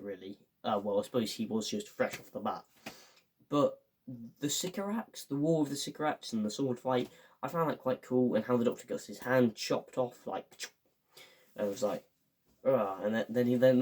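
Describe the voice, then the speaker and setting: A young man talks through his thoughts on a show in a loose, rambling way. He keeps stumbling over fillers and restarts but sounds genuinely enthusiastic. His voice sits at an ordinary middle pitch. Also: darkish tone. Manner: rambling, filler-heavy, enthusiastic, acts out quotes. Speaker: fan reviewer. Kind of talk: casual spoken review.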